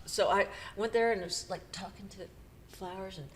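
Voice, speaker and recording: A middle-aged woman co-hosting a podcast, retelling a painful personal story in a halting, emotional way with nervous laughs. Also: medium pitch. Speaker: podcast co-host.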